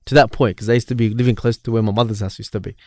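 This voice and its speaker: Australian man in his thirties, casual and animated storyteller, dry studio sound. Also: mid-range voice, racing, no echo. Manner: animated, laughs while telling, acts out dialogue. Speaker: podcast co-host.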